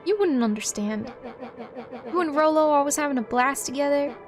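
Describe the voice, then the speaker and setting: Gruff, sarcastic tough-guy kid, put on by a woman with folksy insults, high voice, soft music behind. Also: normal speed, close to an everyday voice. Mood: sullen. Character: tough, sarcastic, bored young boy. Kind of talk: voicing game characters on stream. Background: background music.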